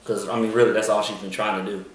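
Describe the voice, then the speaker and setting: A man's voice: fairly low pitch, flat delivery, fast, slight background noise. A man co-hosting a casual TV review chat, rambling with lots of ums and restarts. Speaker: podcast co-host. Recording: echoey room, mic far off.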